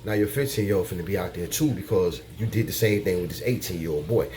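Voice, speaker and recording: A man's voice: deep voice, fast talker, a little mellow, a little hiss or hum. A man giving dating advice in a casual monologue, blunt and profane, repeating his points like a lecture.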